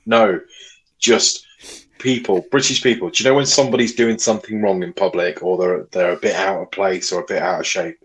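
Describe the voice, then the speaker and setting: A man's voice: low-pitched, fairly even intonation, brisk. A man co-hosting a casual chat podcast, talking bluntly with frequent swearing and weary sighs. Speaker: podcast co-host.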